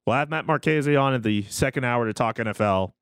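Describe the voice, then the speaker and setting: A man hosts a sports radio show from a studio, chatting casually and cheerfully while laughing easily. His mid-range voice moves a little fast with a clean tone. The studio mic gives a dry recording.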